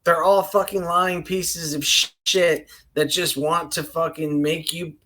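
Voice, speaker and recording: A man with a fairly high voice rants through a reaction stream, swearing nonstop and wandering off track as he vents. His talk is loose and casual, full of fillers and angry asides. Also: flat delivery, unhurried, sharp tone. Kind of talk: profane reaction rant.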